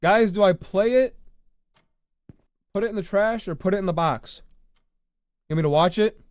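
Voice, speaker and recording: A young man commentating live gameplay to viewers, reacting loudly and yelling when startled. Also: sits high, normal speed, no echo. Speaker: gaming streamer. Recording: faint music behind voice.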